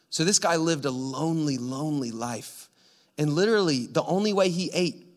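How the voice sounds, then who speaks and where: A man preaching a sermon in church, telling the story dramatically and swinging from hushed tones to loud cries. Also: a little high. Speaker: pastor.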